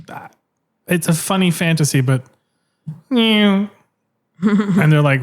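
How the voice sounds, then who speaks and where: A man's voice: fairly high pitch, a little slow, pauses often. A man co-hosting a comedy podcast, spinning playful, rambling improvised stories. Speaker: podcast co-host.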